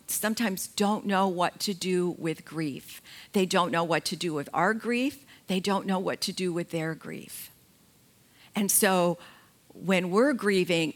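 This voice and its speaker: A middle-aged woman giving a slow, gentle talk about grief, pausing often between phrases. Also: mid-range voice. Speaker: grief educator.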